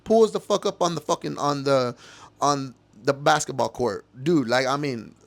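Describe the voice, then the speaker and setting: A podcast host with a medium-pitched, vocal-fry voice speaks at normal speed. He rants heatedly and emotionally about things that happened to him, cursing and repeating himself in a personal monologue.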